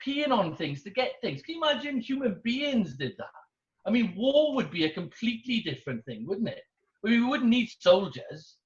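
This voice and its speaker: A British man doing wry, deadpan observational stand-up comedy. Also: high voice, normal speed. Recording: roomy, dull-sounding.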